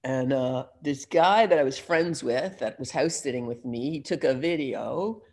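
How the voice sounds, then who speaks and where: An older man telling his own recovery story in a rambling, self-deprecating way, pausing and restarting often. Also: mid-range voice, darkish tone. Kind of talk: personal recovery talk.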